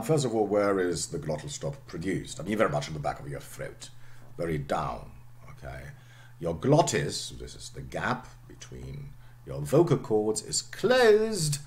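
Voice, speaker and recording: Middle-aged male lecturer, very low voice, animated delivery, lots of "okay". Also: measured pace. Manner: explanatory, frequent "okay" and "um", voice drops low at phrase ends. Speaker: university lecturer.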